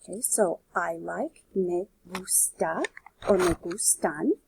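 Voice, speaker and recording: A woman's voice: on the low side, slow pace, gravelly, noisy background. A woman teaching a Spanish grammar lesson on video, explaining step by step and checking in with "okay" and "right".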